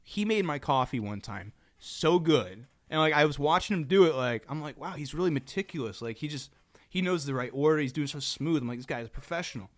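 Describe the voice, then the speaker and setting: A man's voice: a little high, expressive, brisk, dry recording. A young man in casual, joking podcast chat, swearing and laughing a lot.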